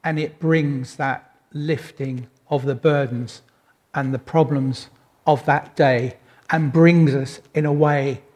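Slow-speaking male preacher. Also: a little high, fairly even intonation, a little mellow. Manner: unhurried, reflective, with wry self-deprecating asides. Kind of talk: sermon.

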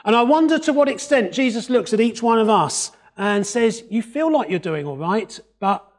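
A man preaching a sermon in a conversational way, with wry asides, dropping to a hush for emphasis. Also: high-pitched, normal speed. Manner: expressive, varies tone and drops to a hush for emphasis.

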